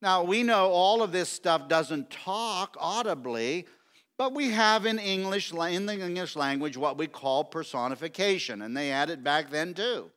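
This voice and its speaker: A middle-aged man preaching a sermon, emphatic and repetitive, stretching key words slowly. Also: high voice, animated, a bit bright. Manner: emphatic, repetitive preaching with slow drawn-out stresses. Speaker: pastor.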